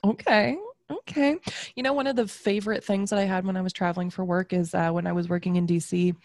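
This young podcast co-host talks fast in a steady, slightly mellow, mid-range voice. Her casual chat rambles along with lots of fillers, and the recording is clean studio sound with no room sound.

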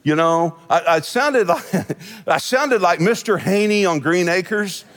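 A man's voice: sits high, measured pace, a bit bright. A middle-aged man, a senior pastor, preaching a conversational sermon in a church, folksy and storytelling, laughing often. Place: church sanctuary. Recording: long hall reverb.

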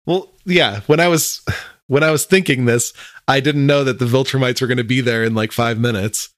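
A man co-hosting a casual podcast chat, laid-back and agreeable, thinking out loud about the plot. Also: mid-range voice, moderate pace, dry recording, clean studio sound. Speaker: podcast co-host.

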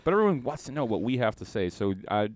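A man's voice: mid-range voice, big pitch swings, quick pace, dry recording. A man hosting a comedy podcast, chatting casually and rambling through fillers. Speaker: podcast host.

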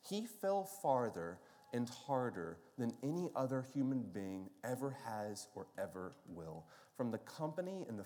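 A man's voice: on the high side, darkish tone. A man preaching a sermon as pastor, telling stories in a conversational way and often asking the listeners questions. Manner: conversational storytelling with rhetorical questions. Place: church sanctuary. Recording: long reverb of a large hall.

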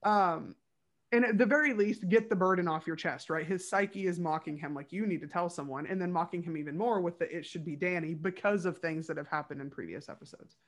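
A woman co-hosting a casual podcast, talking through a TV episode with fan enthusiasm. Her speech is loose and chatty, scattered with "like" and quick asides. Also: fairly low pitch. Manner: chatty and enthusiastic, many "like" fillers. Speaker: podcast co-host.

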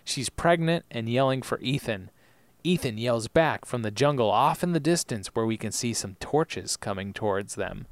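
A man with a smooth, resonant voice co-hosts a podcast and recaps a TV episode in a relaxed, chatty way. He retells scenes with animated energy. The sound is dry and close to the mic. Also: mid-range voice, normal speed, dry recording. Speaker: podcast co-host. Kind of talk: casual chat recapping TV episodes.

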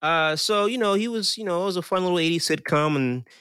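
A man co-hosts a casual podcast, talking fast in a fairly bright, smooth voice on a dry recording. He rambles through his opinions with a sardonic edge, and his pitch swings suddenly.

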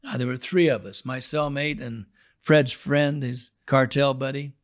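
A man telling his testimony on a podcast, swinging from hushed prayer to loud, dramatic outbursts. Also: mid-range voice, measured pace. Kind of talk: storytelling testimony.

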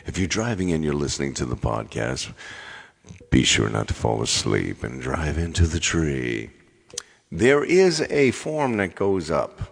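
A middle-aged man with a bass voice and vocal fry hosts his own live-stream music show, sounding like he's in a big room. The host and singer rambles casually, repeating himself and speaking straight to his viewers.

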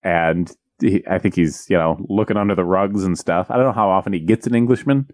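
A man casually retelling a fairy tale with jokes, rambling and slipping into quick character voices. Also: sits low, a little mellow, dry recording. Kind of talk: casual comedic chat.

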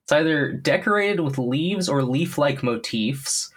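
A woman's voice: sits low, lively intonation, measured pace, husky. A woman guest on a podcast in casual chat, wry and explaining things.

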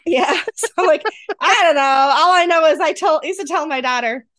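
A woman's voice: high-pitched, moderate pace, fairly bright tone. A middle-aged woman with a Western New York accent, co-hosting a podcast in casual chat and laughing often. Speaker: podcast co-host.

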